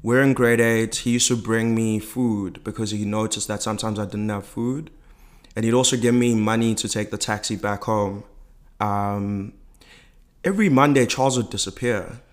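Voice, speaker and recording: Low flat-voiced man telling a personal story. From South Africa. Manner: reflective, halting, with many fillers. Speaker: guest. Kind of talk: personal storytelling in a podcast interview.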